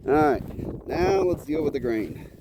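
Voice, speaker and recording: A man's voice: mid-range voice, sing-song, measured pace, background noise. A man vlogging outdoors on his homestead, chatting casually and coaxing and scolding his goats. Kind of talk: casual vlog narration. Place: outdoors on a farm.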